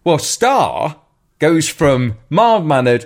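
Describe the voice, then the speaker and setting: Animated, laughing man telling stories. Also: on the high side, measured pace. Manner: animated, laughing storyteller, swears. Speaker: radio co-host. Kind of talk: casual storytelling chat.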